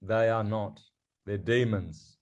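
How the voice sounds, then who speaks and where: Preachy man with a mellow voice. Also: lowish voice, muffled recording. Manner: preachy, dramatic, slow emphatic delivery. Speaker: guest. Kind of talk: podcast interview chat.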